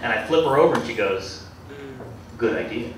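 A man doing stand-up comedy in a club, with a deadpan, self-deprecating delivery and a halting, hesitant way of talking. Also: mid-range voice. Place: comedy club with live audience. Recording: echoey club, distant mic, loud crowd noise.

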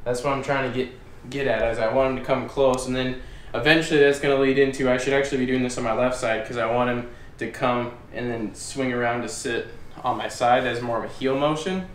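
A man explaining puppy training in a relaxed, plainspoken way. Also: medium pitch, fairly quick, far from the mic, a little hiss or hum. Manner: relaxed, plainspoken, upbeat commands to the dog. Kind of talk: casual explaining while training. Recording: echoey room, voice from off-mic.

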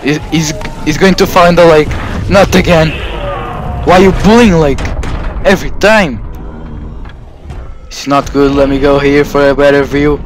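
Jumpy, slow-talking vlogger man, music behind. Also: on the high side. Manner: jumpy, frightened and excited exclamations, stammered repeats. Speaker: YouTuber playing a house owner in a game. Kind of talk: in-character vlog over gameplay.

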